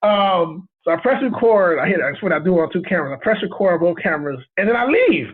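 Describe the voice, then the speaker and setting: A man telling a story as a guest in a casual interview, animated and excitable and laughing often. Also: sits high, fast, breathy edge. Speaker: guest cinematographer. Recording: tinny phone-line sound.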